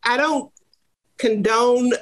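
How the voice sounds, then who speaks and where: A woman's voice: fairly high pitch, slow pace. Emphatic woman giving frank parenting advice. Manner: emphatic, plain-spoken, acts out lines for emphasis. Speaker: parenting advisor. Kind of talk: casual advice talk.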